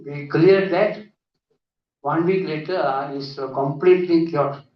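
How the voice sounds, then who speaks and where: A man giving a lively conference lecture full of anecdotes, often asking "isn't it?". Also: fairly high pitch, a little slow. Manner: animated, often adds 'isn't it?'. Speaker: conference speaker. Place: conference hall. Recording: echoey hall, distant dull mic.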